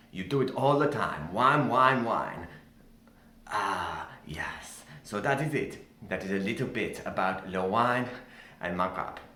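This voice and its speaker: A man's voice: fairly low pitch, a bit bright, heavily acted. Man playing a wine snob. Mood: savoring. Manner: slow, sensual and theatrical. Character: pompous middle-aged male French winemaker. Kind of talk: comic character monologue. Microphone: video call. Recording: echoey room.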